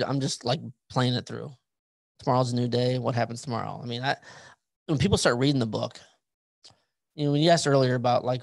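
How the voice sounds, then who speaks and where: A man's voice: medium pitch, vocal fry, no echo. A man hosting a podcast, chatting casually about his own life, rambling and repeating words as he thinks aloud. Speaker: podcast host and author. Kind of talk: casual interview chat.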